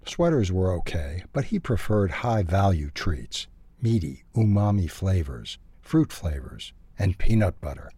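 A man reading a children's storybook aloud, expressive and lively. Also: low-pitched, measured pace, breathy edge, dry recording.

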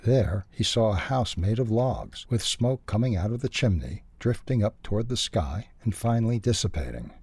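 A man reading a children's storybook aloud, expressive and lively. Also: fairly low pitch, normal speed, hardly any pauses, breathy edge, no room sound.

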